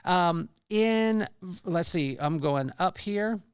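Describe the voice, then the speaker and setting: A man's voice: high-pitched, expressive, slow, clean tone, no room sound, clean studio sound. A man hosting a podcast, giving an earnest devotional talk on scripture with frequent fillers and restarts. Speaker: podcast host.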